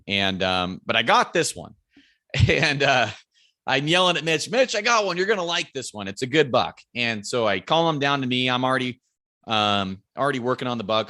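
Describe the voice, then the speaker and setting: Bright-voiced man telling a hunting story. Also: fairly low pitch, no room sound. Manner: animated, swears freely, raises his voice when quoting friends yelling. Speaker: podcast guest, bow hunter.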